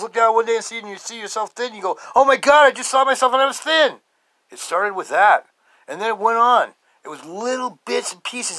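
Fast-talking man sharing his struggle. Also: dry recording, rough recording. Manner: emphatic, swings between loud outbursts and low murmurs. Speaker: podcast host. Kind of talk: personal testimony monologue.

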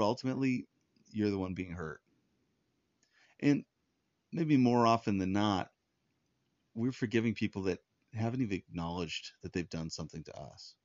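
A low-pitched man delivers an earnest, conversational sermon and often circles back to restart his sentences. The sound is dry and close, with a slightly dull, lo-fi tone. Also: a little mellow, no room sound. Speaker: pastor.

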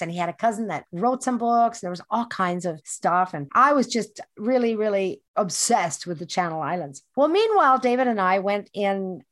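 Animated woman telling a personal story. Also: mid-range voice. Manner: animated, emphatic, repeats lines for effect.

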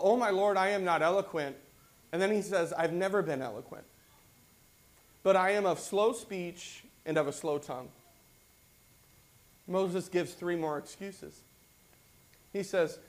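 A man with a high-pitched voice preaches a sermon as a pastor. He reads the verses aloud, then breaks into animated, personal commentary that keeps climbing in energy. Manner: reads scripture then preaches with rising excitement. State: repeatedly clearing throat and coughing.

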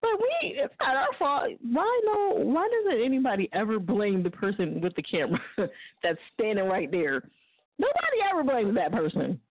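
A woman's voice: medium pitch, big pitch swings, normal speed, slightly rough, dry recording. A woman hosting an internet radio show, ranting bluntly and profanely and laughing often. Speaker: radio host. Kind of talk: casual talk radio rant. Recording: dry, phone-like lo-fi line.

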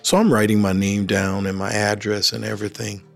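Gravelly Liberian man telling his story. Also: on the low side, fairly quick. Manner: animated storyteller who acts out quoted dialogue. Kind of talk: personal storytelling. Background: faint music.

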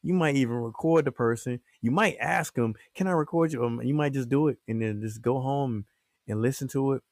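Rambling comedian with a dry, close sound. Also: male voice, medium pitch, brisk, darkish tone, no room sound. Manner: rambling, many fillers and restarts. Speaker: guest comedian. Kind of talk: casual interview chat.

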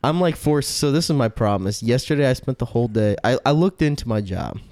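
A man's voice: medium pitch, expressive, fairly quick, a little mellow, dry recording. A man co-hosting a casual podcast chat, teasing his friends with crude, jokey riffs.

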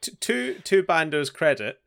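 A man's voice: on the high side, big pitch swings, a little slow, gravelly, fairly bright tone, smooth. A man co-hosting a podcast, casually recapping an anime with sarcastic jokes and frequent laughs. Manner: joking, sarcastic, laughs often. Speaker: podcast co-host.

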